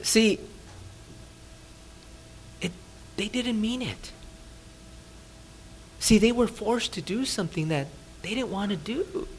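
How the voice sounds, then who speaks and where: A pastor preaching to his congregation in a relaxed, conversational way. His voice sits high for a man and moves a great deal in pitch. He keeps asking his listeners questions and sometimes sinks almost to a hush for emphasis. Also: slow, long pauses, slight background noise. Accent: Californian. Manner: conversational, asks the audience rhetorical questions; drops to a soft, hushed voice for emphasis. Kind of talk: sermon. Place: church.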